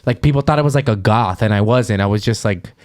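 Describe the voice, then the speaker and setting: A man's voice: fairly low pitch, fast talker. A man from the Los Angeles area, co-hosting a podcast and telling a candid, rambling story full of fillers. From Los Angeles area, USA. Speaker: podcast co-host. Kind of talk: casual chat.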